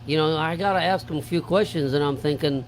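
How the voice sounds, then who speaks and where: A man's voice: a little high, fast, slight background noise, low-quality recording. A man who owns a wine and cigar shop, explaining things in an easygoing, explanatory way with many fillers. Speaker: wine and cigar store owner, guest. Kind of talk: casual chat.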